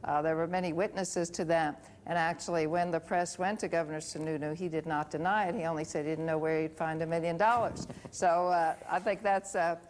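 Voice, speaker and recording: A woman, a state governor, replying in a televised debate in a measured way with frequent hesitations. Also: fairly low pitch, fairly even intonation, a little mellow, slight background noise. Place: TV studio.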